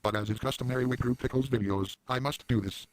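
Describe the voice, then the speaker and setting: A man voicing a crude, boastful adult cartoon dad in a rambling parody monologue with sudden loud outbursts. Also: medium pitch, steady tone, fast, slight background noise, close to an everyday voice, rough recording. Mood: brash.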